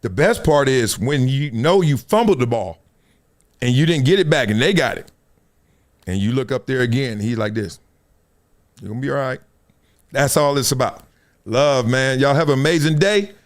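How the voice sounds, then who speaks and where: A man hosting a casual livestream of sports commentary, talking in an animated, playful way and laughing often. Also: normal speed. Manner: animated, playful, laughing, jumps between high and low tones. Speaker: host.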